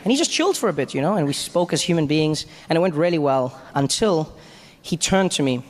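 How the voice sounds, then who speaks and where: A male comedian with a South African accent tells stories on stage. His voice is high and he talks fast. He gets more and more animated as he goes. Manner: animated, climbs high with excitement. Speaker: stand-up comedian. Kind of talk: stand-up storytelling.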